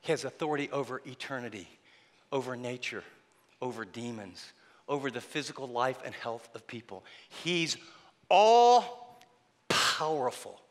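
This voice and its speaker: A man preaching a sermon, telling the story dramatically and swinging between loud passages and hushed ones. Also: medium pitch, animated, a little slow, in a large hall. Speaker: pastor.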